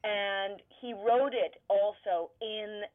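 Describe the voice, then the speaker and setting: A woman stage actor talking in a radio interview, animated, laughing often and searching for words. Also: mid-range voice, takes it slowly. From Canada. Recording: tinny phone-line sound.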